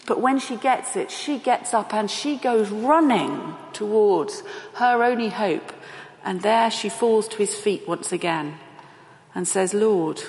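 A woman preaching a sermon, deliberate and emphatic, asking rhetorical questions. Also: medium pitch. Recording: echoey hall with long reverb.

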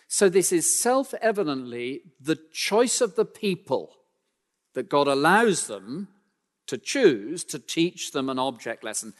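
In a sing-song, slightly slow delivery, a man preaches with emphasis, climbing in pitch and power for key points before going low and soft. He adds dry, self-mocking asides, and the sound is that of a big room.

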